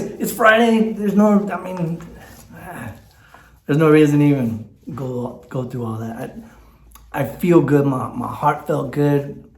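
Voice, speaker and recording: A man's voice: a little high, roomy sound, slight background noise. A man talks candidly in a personal vlog, teary and rambling, with lots of fillers and restarts. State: teary, choked up. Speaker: vlogger. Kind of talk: emotional personal vlog talk.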